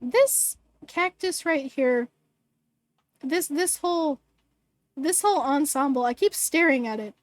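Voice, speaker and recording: A woman's voice: sits high, lively intonation, takes it slowly, pauses often, no echo. A woman streaming a game at home, giggly and rambling, on a desk mic. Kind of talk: casual game commentary.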